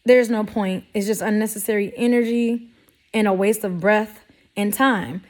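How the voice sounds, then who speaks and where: A woman's voice: mid-range voice, steady tone, moderate pace. A woman talking straight to camera in a sassy, blunt way, giving life advice and acting out mock quotes. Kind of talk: casual direct-to-camera talk.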